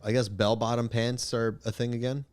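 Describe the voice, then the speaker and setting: A man's voice: mid-range voice, flat delivery, moderate pace, darkish tone. A man co-hosting a podcast, talking in a laid-back, profane way and laughing often. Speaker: podcast co-host. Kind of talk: casual chat.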